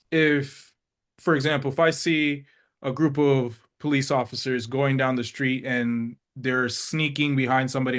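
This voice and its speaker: Slow, hesitant male interviewer. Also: medium pitch, fairly bright tone. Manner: slow, hesitant, lots of ums. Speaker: interview host. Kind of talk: interview questions.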